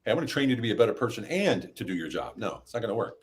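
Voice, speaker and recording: A middle-aged man telling stories as a podcast guest, animated and climbing high in pitch when he acts out what people said. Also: very fast. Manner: animated, rises high when acting out quotes. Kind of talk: casual storytelling.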